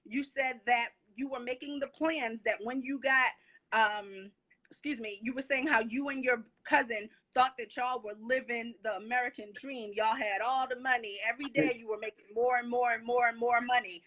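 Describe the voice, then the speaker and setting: A woman with a slightly high voice hosts a live testimony show. She welcomes viewers and nudges her guest along with quick affirmations. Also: fairly even intonation, a bit bright. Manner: encouraging, with short affirming replies. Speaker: host of a weekly testimony show. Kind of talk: live online show hosting.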